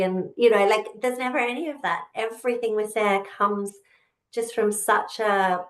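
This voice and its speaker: A woman's voice: medium pitch, moderate pace, fairly bright tone. A woman telling her own story as a podcast guest, heartfelt and rambling, getting choked up at times. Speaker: guest, author and entrepreneur. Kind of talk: emotional personal storytelling.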